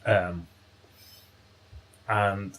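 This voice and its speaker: A man's voice: on the low side, fairly even intonation, drawn-out words, fairly bright tone. A man co-hosting a comedy podcast, telling a rambling anecdote full of fillers and laughter. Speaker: podcast co-host. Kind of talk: casual comedic chat.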